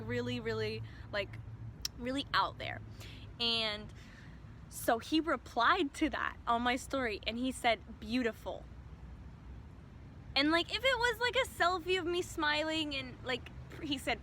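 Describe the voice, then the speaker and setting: Young woman, casual storytime, chatty, "like" every few words, clear bright voice. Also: a little high, slight background noise. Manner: chatty, peppers speech with "like". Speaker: vlogger.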